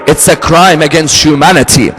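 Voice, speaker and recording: A man preaching a sermon, telling a story with acted-out dialogue and shifting his pitch and pace freely. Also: normal speed, a bit bright, husky. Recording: long hall reverb.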